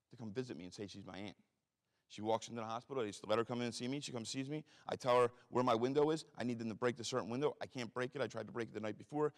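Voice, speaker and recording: A man telling a story from his own life in a blunt, profane, self-mocking way. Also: mid-range voice. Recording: reverberant hall.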